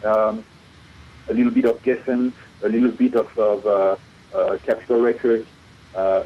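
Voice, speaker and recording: A man's voice: on the low side, husky. A middle-aged man from France with a French accent, a guest musician talking in a casual radio interview, hesitant, with many fillers and restarts. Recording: dull lo-fi radio recording.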